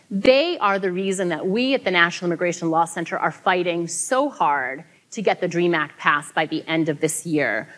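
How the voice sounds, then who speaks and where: A woman's voice: medium pitch, a bit bright. Woman keynote speaker, mid-range voice, earnest and emphatic advocacy tone. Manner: earnest, emphatic, with laughing asides. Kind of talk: conference keynote speech. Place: conference hall.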